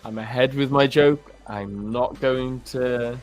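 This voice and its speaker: A young British man in relaxed banter, joking and laughing as he co-hosts a livestream. His voice sits at an ordinary middle pitch. Faint music plays in the background. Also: takes it slowly. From Britain. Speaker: livestream co-host. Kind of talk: casual chat.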